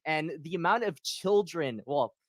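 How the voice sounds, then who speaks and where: A man's voice: a little high, animated, unhurried, fairly bright tone, no room sound, studio quality. A man who runs a crypto channel, guesting on a livestream call and speaking emphatically in a rambling, supportive way. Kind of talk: casual livestream talk.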